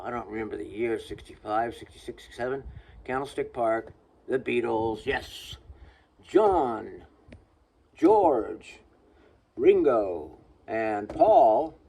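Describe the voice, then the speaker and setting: A man's voice: medium pitch, a little mellow. Older man rambling through old stories. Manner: chatty, jokey and digressive. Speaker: vlogger sharing saved ticket stubs. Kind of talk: rambling personal storytelling. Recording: distant mic with faint background noise.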